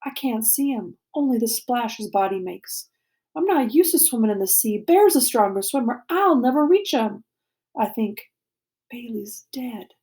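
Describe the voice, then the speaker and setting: A woman reading a novel aloud to a class, expressive and dramatic, sometimes dropping to a hushed voice. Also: fairly high pitch, moderate pace. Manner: expressive, dramatic, drops to a hushed voice for tense moments.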